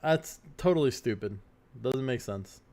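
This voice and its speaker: A man with a mid-range, darkish, animated voice hosts a casual chat, speaking a little slowly. Playful and morning-voiced, he periodically launches into silly singing or an announcer-style voice.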